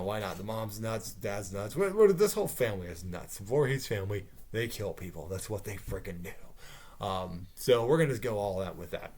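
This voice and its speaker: A man with a low-pitched voice talks to his camera in a loose, off-the-cuff way. He rambles through his idea with plenty of asides and the odd swear word. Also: darkish tone. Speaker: YouTuber pitching a movie idea. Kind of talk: casual off-the-cuff monologue.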